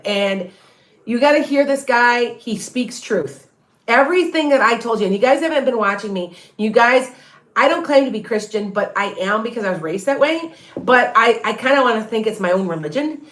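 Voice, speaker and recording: A woman's voice: medium pitch, fairly bright tone. A middle-aged woman, a tarot reader, chatting casually to viewers on a livestream in a rambling way, full of restarts and asides.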